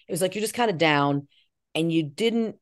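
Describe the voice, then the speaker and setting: A middle-aged actress in an interview, telling animated stories and acting out the voices of people she quotes. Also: low-pitched, normal speed. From Irish Catholic family. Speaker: actress and filmmaker. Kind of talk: interview chat.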